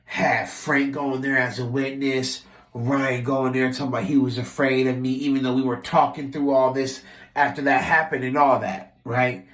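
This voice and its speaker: A man telling a story from his old job in a casual, animated and profane way, acting out what people said. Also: mid-range voice, normal speed, reverberant. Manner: animated, profane, acts out quotes with shifting voice. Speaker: vlogger telling a work story.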